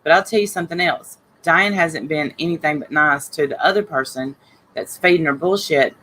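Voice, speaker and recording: A woman's voice: deep voice, moderate pace, fairly bright tone, a little hiss or hum, low-quality recording. Woman, livestream host, chatty, blunt, heated, reads viewer names. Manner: chatty, greets viewers by name, blunt and fired up. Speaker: livestream host reading chat. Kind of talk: casual livestream chat.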